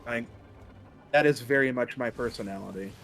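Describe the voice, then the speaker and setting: A man's voice: medium pitch, moderate pace, a bit bright, a little hiss or hum. Laid-back sarcastic man streamer. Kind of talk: casual gaming stream chat.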